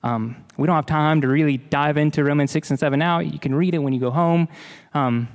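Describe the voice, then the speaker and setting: A pastor delivers an earnest, emphatic sermon, leaning on repetition to drive his points home. His voice sits a little high for a man. The sound carries the long reverb of a large hall. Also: steady tone, a little fast.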